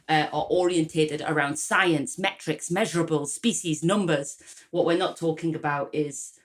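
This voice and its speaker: A lively woman with a Geordie accent chats as a podcast co-host, swearing freely and laughing along the way. Her voice sits a little low for a woman. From North East England. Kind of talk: casual chat.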